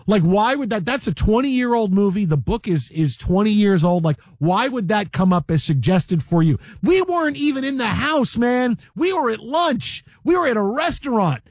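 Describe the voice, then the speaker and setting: Animated male sports host, high voice, dry studio sound, jokes and restarts. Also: fairly quick, hardly any pauses, no room sound. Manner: animated, joking, repeats words. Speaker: sports talk show host. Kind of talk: casual sports chat.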